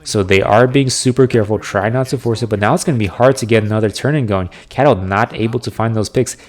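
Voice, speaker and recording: A man casting a video game match with live play-by-play, analytical and getting excited on big plays. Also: medium pitch. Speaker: esports caster.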